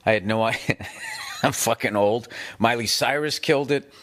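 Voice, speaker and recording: A man in his fifties telling rambling, profane stories in a casual rant, animated and quick to swear. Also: mid-range voice. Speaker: comedian. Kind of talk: casual podcast-style rant.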